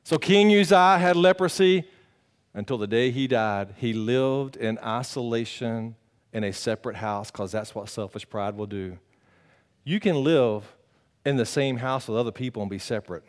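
A pastor preaching a sermon in a conversational, animated way, swinging between loud bursts and quiet, earnest talk and teasing his congregation. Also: fairly low pitch, moderate pace.

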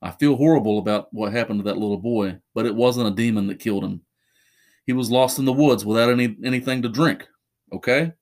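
A man's voice: mid-range voice, a little fast, darkish tone, close to an everyday voice. A man voicing a stern but worried father who firmly reassures his son in a spoken horror story.

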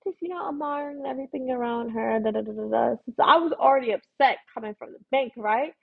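A woman rants into a close mic, her voice husky and a little high. She tells her story bluntly and swears freely, and the dry, dull recording has a lo-fi feel. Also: fast, no room sound. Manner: profane, blunt, storytelling rant. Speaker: podcast host. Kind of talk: casual ranting monologue.

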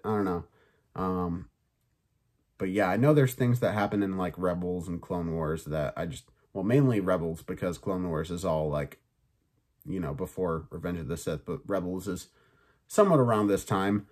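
A man hosting a solo review podcast, talking in an excited, chatty way with many fillers and casual swearing. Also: deep voice, moderate pace. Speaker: podcast host.

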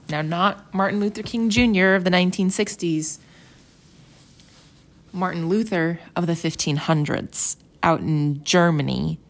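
Chatty young woman, slightly low voice. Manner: chatty, animated, acts out quotes with gasps and whispers. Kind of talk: casual scripture commentary.

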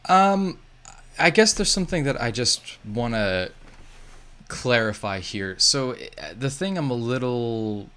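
A man hosting a podcast, talking in an excitable, scattered, jokey way and swearing freely. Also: mid-range voice, slow pace, clear, resonant tone. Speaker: podcast host. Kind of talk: casual chat.

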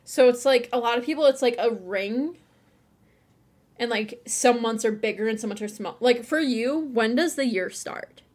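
A woman's voice: on the high side, moderate pace, darkish tone. A young woman from Buffalo, co-hosting a podcast in casual, laughing chat full of restarts. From Buffalo, New York. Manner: chatty, laughing, many restarts. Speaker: podcast co-host.

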